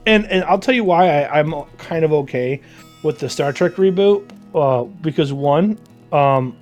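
A man talking in a loose, joking way with a somewhat higher voice. Faint guitar music plays underneath him. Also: unhurried. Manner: animated, joking, puts on mock voices. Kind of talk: casual chat.

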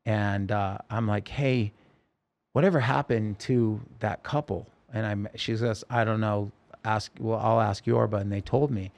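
A man as an interview guest, telling a personal story in halting speech with frequent restarts and self-corrections. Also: on the low side, steady tone, gravelly, a little mellow.

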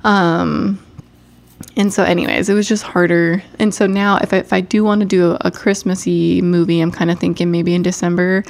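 A woman's voice: lowish voice, level tone, moderate pace, creaky, a little mellow. A young woman co-hosting a casual podcast, talking with a stuffed-up nose, rambling and cutting herself off with frequent laughs. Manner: rambling, self-interrupting, laughs often. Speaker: podcast co-host. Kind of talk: casual chat.

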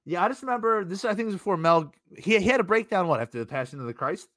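Jokey swearing podcast host guy, bright edgy voice, dry close mic. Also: sits high, animated, rapid-fire, dry recording. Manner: rambling, jokey, profane. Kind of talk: casual podcast interview.

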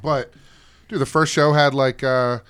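A man co-hosting a podcast, excitedly recapping a wrestling show in casual, profane chat and acting out what people said. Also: medium pitch, measured pace. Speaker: podcast co-host.

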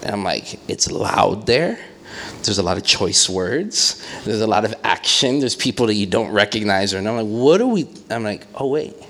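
A man's voice: fairly low pitch, moderate pace, creaky. A man preaching in a conversational way, telling stories with lots of fillers and playful acted quotes. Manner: animated storytelling with acted quotes and many fillers. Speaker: pastor. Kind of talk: conversational sermon.

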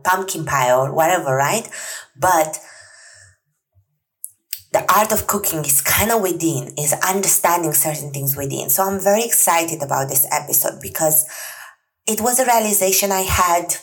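Low-pitched female podcast host in her thirties, earnest and chatty, lots of fillers. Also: rough recording. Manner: chatty and earnest, many fillers and soft laughs. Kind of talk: solo podcast monologue.

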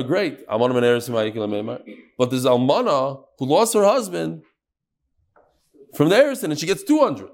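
A man teaching a Talmud class, reading the text in a sing-song lilt and questioning his students. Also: medium pitch.

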